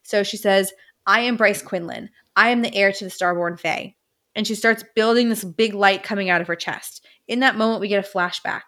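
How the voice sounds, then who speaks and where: A woman's voice: mid-range voice, moderate pace, fairly bright tone. A woman co-hosting a book podcast, retelling plot scenes in a casual, emotional way. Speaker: podcast co-host.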